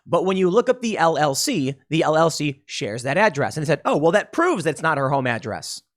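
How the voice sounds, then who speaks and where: A man's voice: fairly high pitch, sing-song, a little fast. Sarcastic, emphatic male political commentator. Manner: sarcastic, emphatic, mocking quotes.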